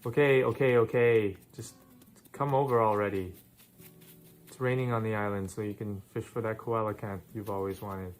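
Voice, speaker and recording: Man plays easygoing buddy on a call, low voice, casual teasing. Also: fairly even intonation, normal speed, faint music behind, close to an everyday voice. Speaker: character in a short comedy film.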